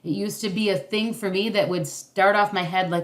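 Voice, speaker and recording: Speaking at normal speed in a steady, mid-range voice, a woman runs a parenting class by video call. She's encouraging, though her speech is full of fillers and restarts.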